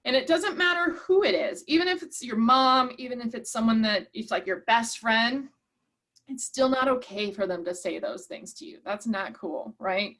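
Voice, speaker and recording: A woman's voice: a little high, lively intonation, normal speed, a bit bright. Upbeat woman presenter reading chat replies. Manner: encouraging, reads out participants' chat replies. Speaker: workshop presenter. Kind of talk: online workshop teaching.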